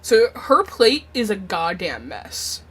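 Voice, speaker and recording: A woman's voice: mid-range voice, sing-song, slow pace, crowd noise. A woman on a video call, playing in an online tabletop game, who describes her character in an easygoing way with lots of fillers. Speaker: player. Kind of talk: casual online tabletop role-play.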